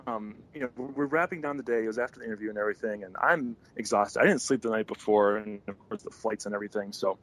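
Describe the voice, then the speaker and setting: A man chatting as a podcast guest, telling a story excitedly, laughing often and acting out the lines of people he quotes. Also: fairly low pitch, fast talker, hardly any pauses, a little hiss or hum, low-quality recording.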